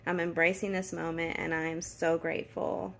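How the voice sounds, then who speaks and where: A woman's voice: on the low side, level tone, moderate pace, creaky, a bit bright. A woman, talking in a casual, heartfelt and emotional way as she films her own vlog, tired after a long day of work. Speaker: vlogger.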